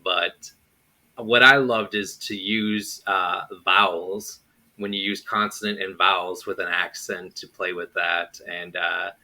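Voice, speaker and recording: A man's voice: sits low, sharp tone, rough recording. A man hosting an interview, casually explaining his stage acting work in a thoughtful, step-by-step way. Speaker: interview host and stage actor.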